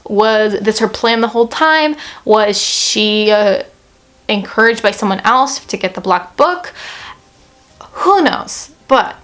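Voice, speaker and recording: A young woman giving a casual book review vlog, chatty and expressive, swearing freely and saying "like" a lot. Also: medium pitch, slow.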